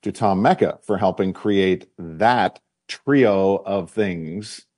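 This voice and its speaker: A man's voice: low voice, slow, darkish tone, dry recording, studio quality. A man hosting a casual sports talk show, easygoing and leading into promos.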